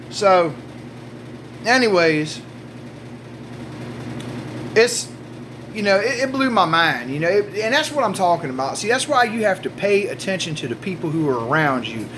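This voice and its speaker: A man's voice: sits high, sing-song, normal speed, long pauses, background noise. A man telling a rambling, profane comic story about his own life and swearing constantly.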